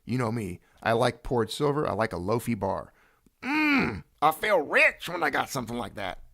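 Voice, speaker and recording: A man hosting a casual video chat, talking straight to viewers in a jokey, animated way. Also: medium pitch, normal speed, vocal fry. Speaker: host.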